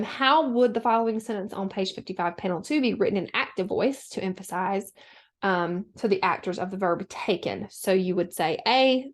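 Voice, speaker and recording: Speaking at medium pitch, a female teacher guides students step by step in a recorded lesson, keeping a steady instructional manner and using plenty of fillers.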